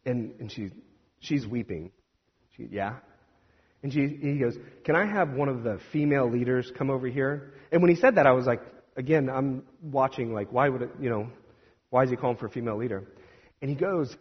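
Guy preaching a story-sermon, husky voice, long echo, kinda dull lo-fi sound. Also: medium pitch, a little fast. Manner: animated storyteller, acts out quoted speech, hesitant restarts. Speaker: Presbyterian minister. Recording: distant reverberant hall, dull lo-fi sound.

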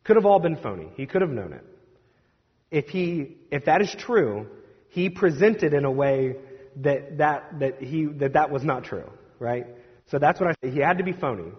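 A Presbyterian minister telling a story in a sermon, animated and acting out what others said, with hesitant restarts. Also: male voice, a little high, normal speed, slightly rough. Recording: distant reverberant hall, dull lo-fi sound.

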